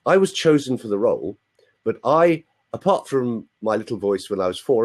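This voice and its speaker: This London-born man in his sixties has a mid-range, slightly mellow voice that's very animated, delivered at a normal speed. Appearing as a guest on a live video chat, he spins stories in his London accent with a chatty, playful manner and keeps checking that listeners agree.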